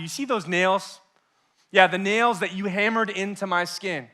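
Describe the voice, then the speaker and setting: A young male youth pastor preaching a sermon with passion, swinging between loud and hushed and acting out what his listeners might be thinking. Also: sits high, a little slow. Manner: acts out listeners' inner voices.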